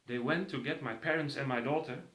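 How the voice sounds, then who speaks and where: A man's voice: mid-range voice, brisk, a bit bright. A man vividly telling a personal story to an audience, acting out the voices of others. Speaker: speaker. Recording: roomy echo.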